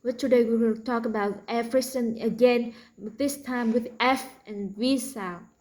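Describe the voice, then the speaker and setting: A woman with a Vietnamese accent teaching a pronunciation lesson, slowly repeating practice words for learners. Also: a little high, steady tone, darkish tone, low-quality recording.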